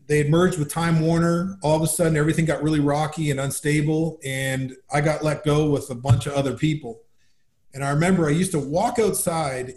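Male interview guest, upbeat and animated, telling a story, slightly high-pitched voice, recorded with a roomy echo. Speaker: guest, business founder. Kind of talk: conversational storytelling.

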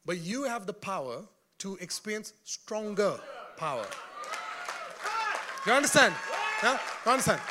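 A man preaching a sermon in an animated, joking way, often laughing and calling out to his congregation. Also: high voice.

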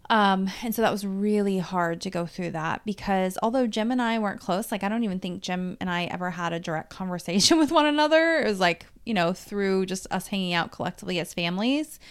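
A woman in her forties from the Dallas-Fort Worth area speaks in a smooth, clear voice at an ordinary middle pitch. She hosts her own podcast as a life coach. She talks in a candid, chatty way, swearing freely and speeding up or slowing down as she tells a story. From Dallas-Fort Worth, Texas. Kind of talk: casual solo podcast monologue.

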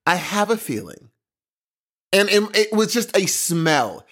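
A man's voice: high voice, sing-song, takes it slowly, a bit bright. A young man co-hosting a casual chat, telling rambling stories in an exasperated way. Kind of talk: casual banter.

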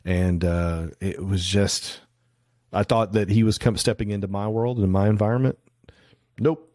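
A man's voice: fairly low pitch, fairly even intonation, normal speed, dark tone, dry recording, clean studio sound. A middle-aged man, a photographer guest, chatting casually and telling anecdotes with plenty of restarts and fillers. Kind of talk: casual interview storytelling.

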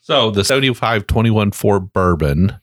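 A low-voiced man hosts a casual podcast interview, asking questions and laying things out step by step. The sound is dry and close. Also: expressive, moderate pace, fairly bright tone, dry recording. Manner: inquisitive, lays out steps plainly. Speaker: podcast host.

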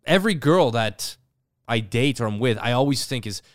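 Podcast co-host, male, smooth resonant voice, frank and lively, dry room. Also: medium pitch, normal speed, no echo. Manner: candid, animated storytelling with acted quotes. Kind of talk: casual chat.

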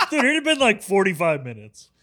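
A man co-hosting a podcast, telling relaxed, profane stories and laughing along. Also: high voice, moderate pace. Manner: laid-back, profane, laughs through stories. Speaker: podcast co-host. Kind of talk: casual chat.

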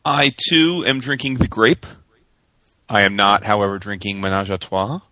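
A man co-hosting a podcast, talking in a measured, earnest way about upcoming releases. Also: on the low side, steady tone, pushed and bright, no echo. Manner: measured, earnest, plugs pre-orders. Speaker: podcast co-host. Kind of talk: casual chat with announcements.

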